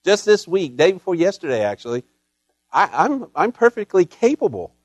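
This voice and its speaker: A middle-aged man preaches in a folksy, storytelling manner, mixing humor into his sermon. His voice sits a little higher than most men's. The sound is dry and close, with no room echo. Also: very animated, normal speed. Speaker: pastor. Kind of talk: Mother's Day sermon.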